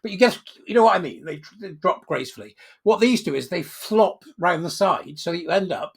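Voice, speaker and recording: Gravelly man rambling jokes. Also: sits high, animated, fairly quick. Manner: rambling, mocking, joke-telling. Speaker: commentator. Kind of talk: comic monologue.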